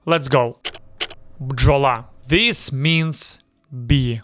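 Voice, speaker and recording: Ukrainian-accented man, host of a pronunciation lesson, slightly high voice, slow and deliberate, dry close sound. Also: a bit bright, dry recording. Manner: slow, deliberate, repeats words to demonstrate sounds. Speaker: YouTube host teaching pronunciation.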